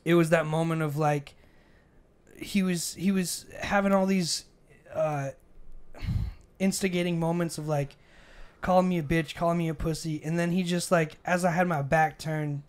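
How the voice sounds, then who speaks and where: A man's voice: a little high, normal speed, clear, resonant tone. A man in his twenties from Arizona, telling a story in a casual podcast chat and acting out the quotes as he gets heated. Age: 20s. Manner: animated, acts out the argument in quoted voices, gets heated. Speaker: podcast co-host. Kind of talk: casual storytelling over beers.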